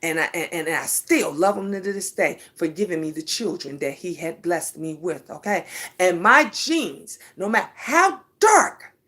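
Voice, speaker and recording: A middle-aged woman, telling a casual story to her viewers in an emphatic, animated way. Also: lowish voice, measured pace. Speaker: vlogger.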